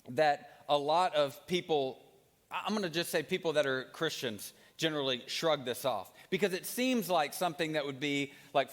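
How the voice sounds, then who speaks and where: A man delivering a sermon in a storytelling manner, with a somewhat high voice for a man. His words carry a long reverb, as if spoken in a large hall. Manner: storytelling, animated with rising excitement. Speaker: pastor.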